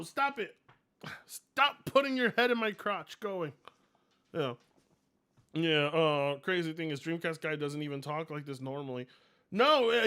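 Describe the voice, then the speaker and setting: A man streaming live, reacting to videos with loud, mocking commentary, yelling and laughing at what he watches. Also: high voice.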